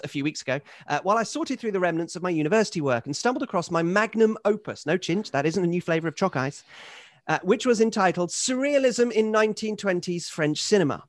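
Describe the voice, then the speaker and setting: A man's voice: high-pitched, no echo. A man hosting a podcast, reading a long listener email aloud in a dry, wry way. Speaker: podcast host.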